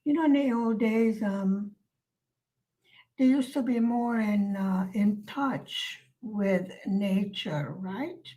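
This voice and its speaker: A woman vlogger chatting casually to her viewers, soft-spoken and musing, pausing often with fillers. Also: mid-range voice, low-quality recording. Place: lives in Hungary.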